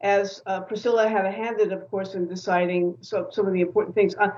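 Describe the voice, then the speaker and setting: A woman author speaking as an interview guest, lively and opinionated as she tells her stories. The sound is a little dull and muffled, as if it came through a lo-fi link. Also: mid-range voice, fairly quick. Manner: animated, opinionated storyteller.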